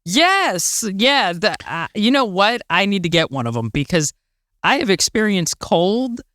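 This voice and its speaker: Young woman from Florida, podcast co-host, upbeat casual chat, mid-pitched and dry. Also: big pitch swings, a little slow, a bit bright, dry recording. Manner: bubbly, laughs, agrees a lot.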